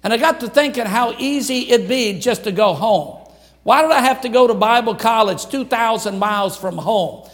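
A man's voice: very high-pitched, a bit bright. An older man from Louisiana preaching a sermon in an emphatic, repetitive cadence. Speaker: pastor.

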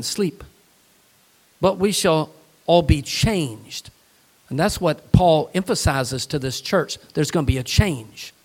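Animated preaching man, fairly high voice. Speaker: pastor. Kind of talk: sermon.

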